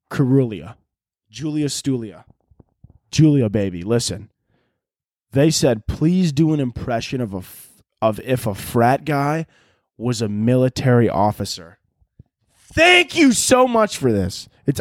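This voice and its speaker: A man's voice: mid-range voice, dark tone, dry recording, studio quality. A young man hosting a solo podcast, rambling and joking crudely in casual chat. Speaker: podcast host.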